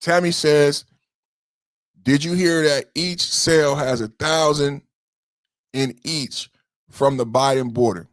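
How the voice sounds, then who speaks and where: A man's voice: fairly high pitch, slow pace, pauses often, dry recording, studio quality. A man hosting a podcast in heated livestream commentary, emotional and profane, repeating himself and answering chat commenters directly. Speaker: podcast host.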